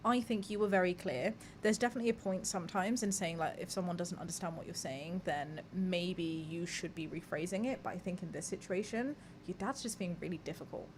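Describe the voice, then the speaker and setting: A woman's voice: on the low side, brisk, hardly any pauses, noisy background. A young woman hosting a live podcast, chatting candidly with her audience, reading messages aloud and swearing casually. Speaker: podcast host. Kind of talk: casual live-stream chat.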